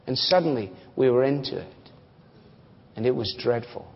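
Folksy preacher in a reverberant hall. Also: male voice, mid-range voice, animated, moderate pace, gravelly, breathy edge. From United States. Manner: conversational, folksy, with fillers and asides. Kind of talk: sermon with storytelling. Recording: dull recording with long hall reverb.

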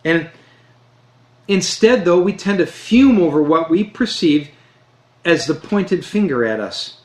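Man, preacher, earnest sermon, emphatic, slows for emphasis, high voice, echoey room. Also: expressive, a little mellow. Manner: earnest, emphatic, slows down to stress key phrases. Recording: roomy echo.

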